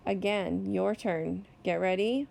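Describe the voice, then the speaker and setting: A woman teacher giving a slow, deliberate phonics lesson to young children, stretching out each sound. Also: medium pitch, gravelly, a little mellow. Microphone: recorded voice-over for a whiteboard lesson video.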